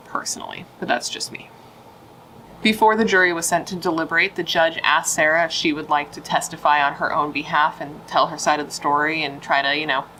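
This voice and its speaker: Woman, low bright voice, chatty true-crime host, blunt opinionated asides. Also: slight background noise, poor audio. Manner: chatty and opinionated, with frequent "like" fillers. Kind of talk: casual true-crime storytelling.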